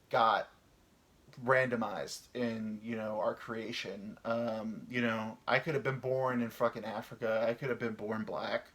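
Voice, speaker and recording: A man in his thirties hosting a rambling solo chat. He meanders, muses aloud and swears casually, and he sounds tired from little sleep. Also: medium pitch. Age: 30s. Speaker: podcast host.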